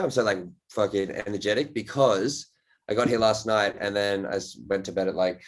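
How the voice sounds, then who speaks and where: Low-voiced rambling male podcast host. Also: steady tone, moderate pace. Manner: rambling, loose, swears freely. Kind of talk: casual podcast chat.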